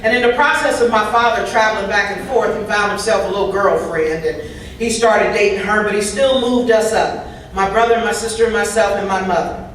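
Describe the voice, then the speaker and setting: A woman interprets a recovery talk aloud, telling it in a humorous, conversational way. Her voice sits at a medium pitch. The sound is distant and washes around a big, very echoey hall, with a faint hiss underneath. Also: fairly quick. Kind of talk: first-person interpreted speaker talk.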